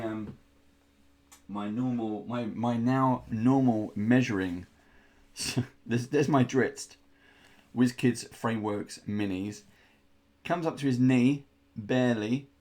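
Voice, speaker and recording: The host's voice is medium-pitched and a little mellow as he unboxes miniatures indoors. He keeps it casual, chatting and rambling, and groans playfully in disgust.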